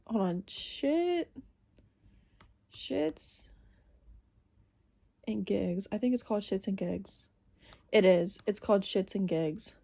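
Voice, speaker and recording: A woman's voice: medium pitch, darkish tone. A young woman chatting casually to her camera in a reading vlog, rambling and interrupting herself as she goes. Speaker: reading vlogger.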